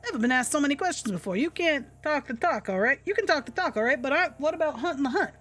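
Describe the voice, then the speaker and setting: A woman voicing a rough, boastful male hunter who talks in blunt, dropped-grammar speech. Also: high voice, animated, fast, fairly bright tone. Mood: gruff.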